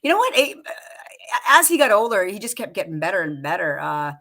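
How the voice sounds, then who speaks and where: Bright-voiced, excitable woman host. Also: mid-range voice, brisk. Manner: excitable, laughs often, quotes lines. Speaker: show host. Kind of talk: casual live chat about a film.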